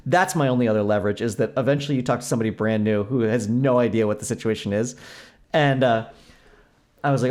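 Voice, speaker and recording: A man's voice: medium pitch, fast. A young adult man co-hosting a podcast, chatting casually and acting out the people in his story. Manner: animated storytelling, acts out quoted exchanges. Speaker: podcast co-host. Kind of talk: casual chat.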